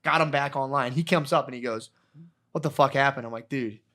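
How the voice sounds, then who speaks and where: A man's voice: medium pitch, a little fast, sharp tone. A man co-hosting a podcast, telling a long, rambling story in casual chat, full of swearing and acted-out quotes. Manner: rambling, profane, acts out quotes. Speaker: podcast co-host.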